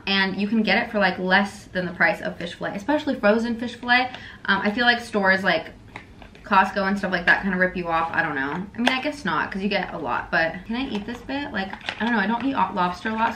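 A woman's voice: mid-range voice, bright, forceful tone, a little hiss or hum. A young woman vlogging in a casual, rambling way, chatting as she eats and filling her talk with "like". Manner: chatty and rambling, talks with her mouth full, many "like"s. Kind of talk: casual chat while eating. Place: parked car.

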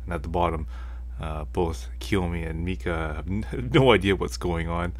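A man's voice: sits low, normal speed. A man hosting a show, casually retelling a comic in a chatty way with many fillers. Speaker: host.

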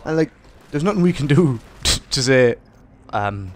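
A man's voice: mid-range voice, animated, a little slow. A young Irishman with an Irish accent, ranting casually to his viewers in a rambling, profane, jokey way. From Ireland. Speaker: gaming vlogger. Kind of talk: casual rant to camera.

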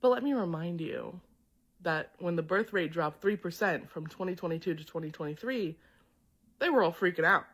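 A woman speaks to her viewers online in a pointed, defiant way. Her voice is fairly low for a woman. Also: expressive, moderate pace, husky.

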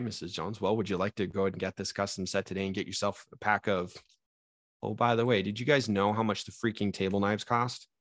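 A man's voice: lowish voice, creaky, no room sound, clean studio sound. A young man running a live sales training, talking straight to his trainees with energy that rises and falls.

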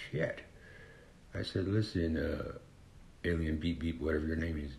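Very deep-voiced rambling stoner dude. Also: male voice, fairly even intonation, moderate pace, gravelly, long pauses, darkish tone, a little hiss or hum. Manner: slurred, rambling stoner drawl. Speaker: comedian. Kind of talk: stoner character monologue.

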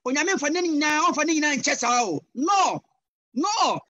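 A man with a Ghanaian accent preaching a sermon over a video call, passionate and switching between English and Twi with sudden loud cries. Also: very high voice, very animated, normal speed, no echo, dull audio. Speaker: guest pastor.

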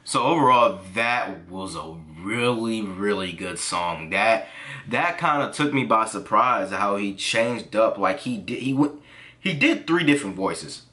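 A man giving casual reaction commentary on songs, easily excited and breaking into exclamations. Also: lowish voice, a little slow, soft background music. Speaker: music reaction reviewer.

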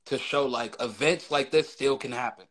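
Bright-voiced man laughing in casual chat. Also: mid-range voice, moderate pace. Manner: laughs often, emphatic, repeats himself.

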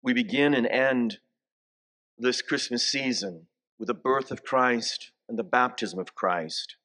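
The voice is medium in pitch, bright and forceful: a bishop in his sixties preaching a homily in a church. He moves slowly through family stories, urging the congregation to repeat greetings after him.

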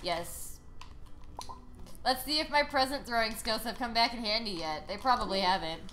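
A woman streaming a video game live, ranting sarcastically and swearing with loud frustrated outbursts. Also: on the high side, moderate pace, a little hiss or hum. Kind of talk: live gameplay commentary.

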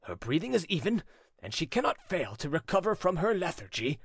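A man voicing an old father who speaks low and gently to reassure. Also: big pitch swings, a little fast, breathy edge, dry recording, clean studio sound, exaggerated voice. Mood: hushed. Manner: hushed and soothing.

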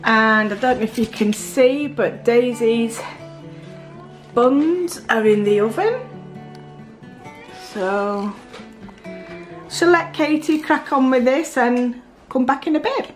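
Chatty South Yorkshire mum, slow and high. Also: female voice, faint music behind. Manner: chatty, narrating what her daughter is doing. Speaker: mum filming a family vlog. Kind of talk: casual vlog narration. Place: home kitchen.

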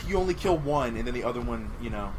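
A man doing casual gameplay commentary, loud and crude, often yelling. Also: medium pitch, animated, fast, heavy background noise. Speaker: let's play gamer. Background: game music.

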